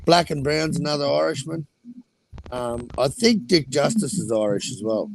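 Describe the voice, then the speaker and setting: A man's voice: fairly high pitch, animated, moderate pace, gravelly, a little hiss or hum. A man chatting casually about boxing in a laid-back, agreeable way, swearing casually. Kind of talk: casual profane banter.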